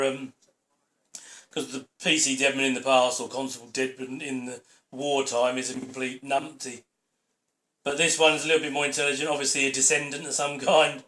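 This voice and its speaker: Opinionated male commentator, chatty and digressive, bright voice in a roomy space. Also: medium pitch. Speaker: channel host. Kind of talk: DVD audio commentary. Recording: roomy echo.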